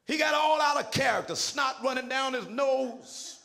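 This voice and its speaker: High, gravelly, shouting preacher man. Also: moderate pace. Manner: shouted, sing-song preaching cadence; folksy, colloquial phrasing. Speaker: senior pastor. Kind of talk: preaching a sermon.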